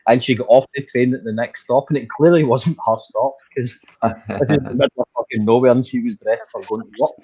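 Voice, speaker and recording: A middle-aged man with a husky voice, telling swearing, animated stories in a casual group chat. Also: mid-range voice, quick pace, hardly any pauses, highs cut off. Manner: swearing, animated storytelling with acted quotes. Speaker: chat participant.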